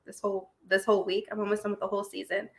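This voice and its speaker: A woman's voice: medium pitch, little pitch movement, very fast. A young woman recovering from surgery, chatting casually on a live stream, greeting viewers by name and laughing often.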